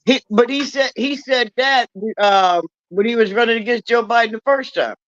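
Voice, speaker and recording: Man, earnest and halting, high voice, dry dull sound. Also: a bit bright, no room sound. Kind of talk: casual chat.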